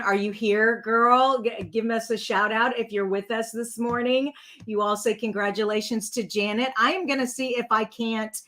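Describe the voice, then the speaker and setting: A woman's voice: fairly high pitch, sharp tone. A middle-aged woman, chatting casually with viewers during a live card-making stream, rambling and full of fillers. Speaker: card-making channel host.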